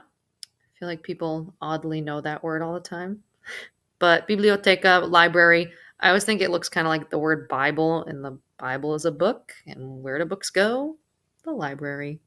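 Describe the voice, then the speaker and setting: A woman teaching a recorded Spanish vocabulary lesson, pronouncing each word slowly and carefully with casual asides. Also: lowish voice, sharp tone.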